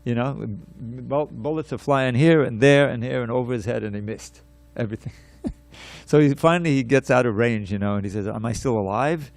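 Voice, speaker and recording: A man giving a scripture class, telling a story in an animated way, repeating words and restarting his sentences. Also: medium pitch, brisk, gravelly, dry recording.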